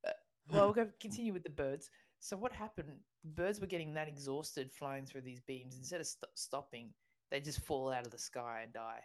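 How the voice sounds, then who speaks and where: An Australian woman with a low voice co-hosts a casual podcast. She tells stories in a chatty way, laughs often, and restarts her sentences as she goes. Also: moderate pace. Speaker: podcast co-host. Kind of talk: casual chat.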